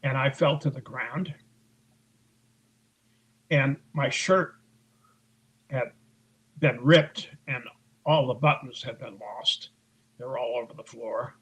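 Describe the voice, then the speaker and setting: A man's voice: mid-range voice, slow, long pauses, fairly bright tone, slightly rough, rough recording. A man being interviewed as an author, telling a long story in a conversational way and acting out what others said. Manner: recounts events at length, acting out others' lines in raised voices; frequent fillers and restarts, conversational.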